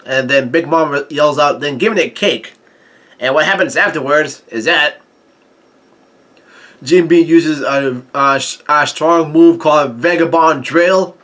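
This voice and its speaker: A man casually recapping a manga chapter, halting often with restarts and self-corrections. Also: on the high side, fairly bright tone. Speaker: manga reaction host.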